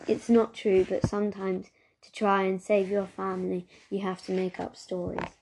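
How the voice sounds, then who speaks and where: A woman reading a novel aloud in a steady, even storytelling manner. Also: mid-range voice, normal speed, vocal fry, a little hiss or hum. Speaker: reader.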